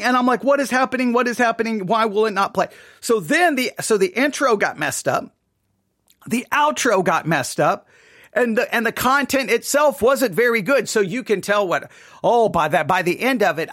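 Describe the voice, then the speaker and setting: A man hosting his own podcast, telling a story in an animated, self-mocking way. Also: high-pitched, dry recording, clean studio sound. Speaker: podcast host. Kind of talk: casual monologue. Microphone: studio mic.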